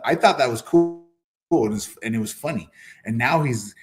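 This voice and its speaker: A man co-hosting a combat sports podcast, chatting casually in a relaxed, agreeable way and laughing as he talks. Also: mid-range voice, moderate pace, over loud music. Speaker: podcast co-host.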